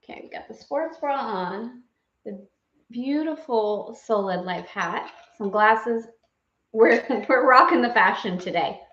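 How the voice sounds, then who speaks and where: Woman, spiritual guide, playful and effusive, bright higher voice, echoey lo-fi live stream. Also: lively intonation, slow. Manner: playful, effusive, laughing often. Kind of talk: live guided affirmation session.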